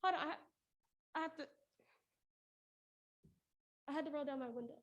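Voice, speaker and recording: A woman's voice: high voice, normal speed, fairly bright tone, muffled recording. A woman performing a spoken word piece as a prayer monologue, earnest and pleading, with laughs breaking through. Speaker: poetry performer.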